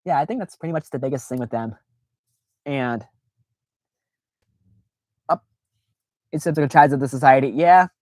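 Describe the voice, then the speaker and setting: A woman's voice: very deep voice, moderate pace, long pauses, darkish tone, dry recording. A woman streaming a casual, rambling chat, full of fillers and self-deprecating asides, who acts out quoted reactions in playful voices.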